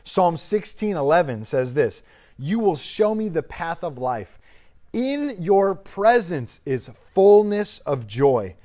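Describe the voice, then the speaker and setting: A man's voice: on the high side, dark tone. A man in his thirties preaching a sermon as a youth pastor, emphatic with rising bursts of energy.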